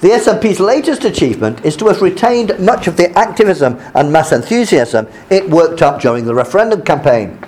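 Man, teacher type, reads a news piece and then talks it through with hesitant asides, in a fairly high voice that rises and falls a lot. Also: very animated, darkish tone. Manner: halting explanations with many fillers between read passages. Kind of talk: reading aloud and explaining a news article.

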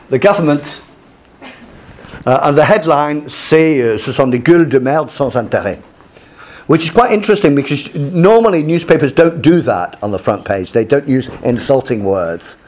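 A man's voice: fairly high pitch, a little mellow. Hesitant male lecturer with many fillers. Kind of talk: lecture with slides.

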